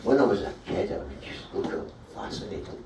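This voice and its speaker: A man with a Scottish accent doing a stand-up comedy set with deadpan delivery. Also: brisk, background noise. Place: small live comedy venue. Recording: roomy hall, voice from a distance.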